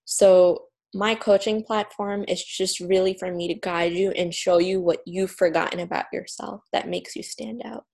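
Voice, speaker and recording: A woman's voice: fairly low pitch, steady tone, moderate pace, creaky, few pauses, darkish tone. Earnest woman author on an interview. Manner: earnest, upbeat, with fillers and restarts. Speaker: author and journalist guest. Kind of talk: promotional interview talk.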